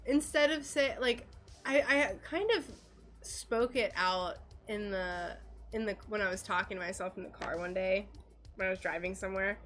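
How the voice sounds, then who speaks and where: A woman's voice: medium pitch, moderate pace, fairly bright tone, soft background music. A woman with an American accent chatting casually to viewers while doing stained glass on a livestream, giggly and full of fillers.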